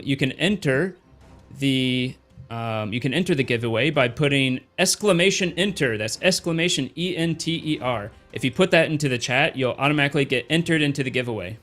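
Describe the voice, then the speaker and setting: A man's voice: mid-range voice, a bit bright. A man running a tabletop game as game master, laid-back and chuckling, with hesitant fillers.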